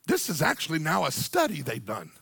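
A middle-aged man, preaching a sermon to a church congregation, animated, swinging from quiet storytelling up to near-shouted, sung-out lines. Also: a little high, a little fast, gravelly, husky, no echo. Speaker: pastor.

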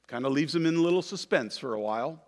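A man preaching a sermon as pastor, animated and conversational, with frequent asides to the congregation. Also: on the high side, fast, big-room sound.

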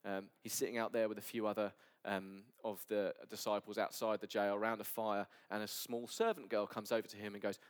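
An earnest male pastor delivering a sermon at a church service. His voice sits low and now and then falls to a soft near-whisper. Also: level tone, fairly quick, few pauses.

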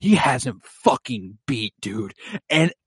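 A man's voice: medium pitch, sing-song, slow, slightly rough, no room sound, studio quality. A man co-hosting a TV rewatch podcast, chatting casually, swearing freely and acting out characters' lines. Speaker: podcast co-host recapping an episode. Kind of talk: casual chat.

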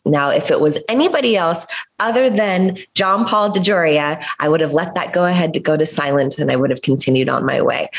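A woman from the United States telling a personal story in an interview, in an animated, expressive way. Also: low voice. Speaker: guest. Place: Los Angeles area.

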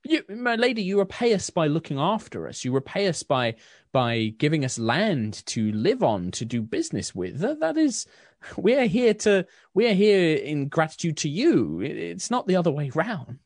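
Fussy stammering baker matron, voice pitched way up, put on by a man, in a tabletop game. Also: big pitch swings, moderate pace, darkish tone, dry recording, clean studio sound. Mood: gushing. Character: flustered motherly middle-aged baker woman.

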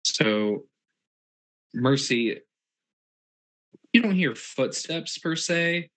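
A man running a tabletop roleplaying game as storyteller, narrating scenes and calling for dice checks in a relaxed, easygoing way. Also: fairly high pitch, extremely slow.

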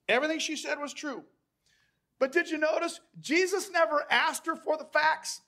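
A man delivers a sermon in a strikingly high-pitched voice. His tone is bright and forceful. He moves between quiet, intimate lines and loud, shouted exhortations. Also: expressive, moderate pace, gravelly. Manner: dynamic preaching, swinging from hushed to shouted. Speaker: pastor.

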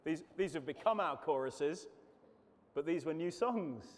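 A man delivering an earnest sermon, his voice pitched a little high for a man. He often stumbles over and repeats his words as he reads and reflects on scripture. His voice rings out with the long reverb of a church hall. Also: lively intonation, measured pace. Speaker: preacher. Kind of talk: sermon walking through psalms.

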